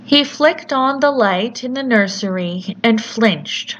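A woman narrating a horror story in a measured, deliberate storytelling manner. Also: on the high side, animated, a bit bright. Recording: slightly muffled with faint hiss.

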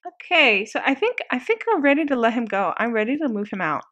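A woman giving casual let's-play game commentary, chatty and excitable, quick to laugh. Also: fairly high pitch, dull audio.

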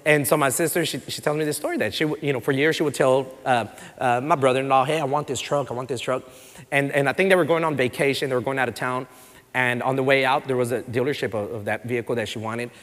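A man preaching a sermon as pastor, animated and conversational, slipping Spanish words into his talk. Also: mid-range voice, fast talker. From Texas. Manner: animated, conversational preaching with frequent fillers and acted quotes; mixes in Spanish words and phrases. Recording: long reverb of a church hall.

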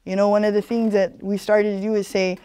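A woman from Hawaii, her English tinged with Hawaiian Pidgin, gives a community presentation in an earnest, conversational way, telling stories and often checking in with "you know." Her medium-pitched voice is mellow, clear and resonant with a flat delivery, a little fast, and the recording has no echo.

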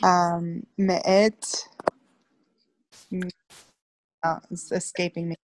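A woman student reading aloud hesitantly in a lesson, apologetic and full of pauses. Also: fairly low pitch, flat delivery, no echo.

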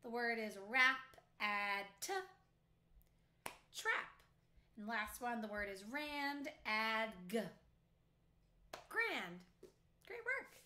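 Bright-voiced teacher sounding out letters slowly. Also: female voice, a little high, slight background noise. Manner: clearly sounding out letters one by one. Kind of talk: slow phonics lesson for young children. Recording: echoey room.

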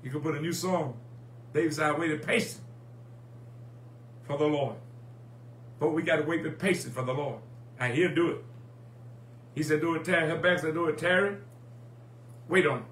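A man's voice: on the high side, moderate pace, pauses often, a bit bright. A man preaching a sermon in a rhythmic, repeating call-and-response style, recorded in an echoey church with a faint hum. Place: church sanctuary.

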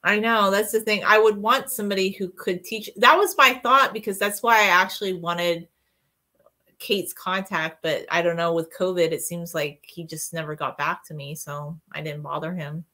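A soft-spoken woman in casual conversation, chatty and agreeable. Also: lowish voice, fairly even intonation, normal speed. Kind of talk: casual chat.

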